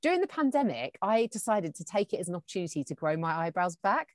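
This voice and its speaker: A woman's voice: on the low side, sing-song, quick pace, no room sound. A woman from England, a TV presenter telling stories in casual chat and acting out quoted lines. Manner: chatty storyteller, acts out quoted dialogue. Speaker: TV presenter as guest.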